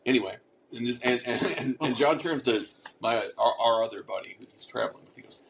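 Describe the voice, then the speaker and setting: A man's voice: medium pitch, fairly quick, vocal fry, background noise. A man co-hosting a casual podcast, telling a rambling story with casual swearing and lots of restarts. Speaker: podcast co-host.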